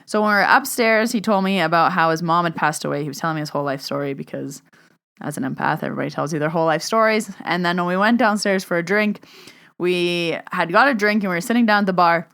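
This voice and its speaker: Speaking fast in a smooth, fairly bright voice on the low side, this young podcast host and medium keeps her intonation fairly even. She chats alone into a podcast microphone, telling stories, acting out dialogue and leaning on "like" frequently.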